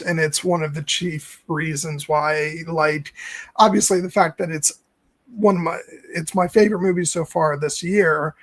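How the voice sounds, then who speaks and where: Man, podcast host, fairly high voice, dry close sound, eager, full of restarts. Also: dry recording. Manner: enthusiastic, many restarts and swearing. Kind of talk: casual film discussion.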